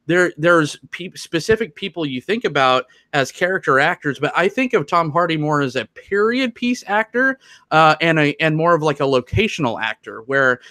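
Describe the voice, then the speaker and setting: A man's voice: on the high side, lively intonation, normal speed, sharp tone, no room sound, studio quality. A man co-hosting a podcast in casual chat, rambling, restarting his sentences and joking as he goes. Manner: rambling, self-interrupting and joking. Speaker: podcast co-host.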